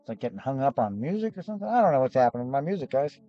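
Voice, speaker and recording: Hoarse, rambling man hosting a gem show. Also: mid-range voice, very animated, very fast, dull audio, soft background music. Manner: rambling, chatty, with restarts. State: hoarse, losing his voice. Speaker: gem and fossil seller hosting a live show. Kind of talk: casual live-stream sales chat.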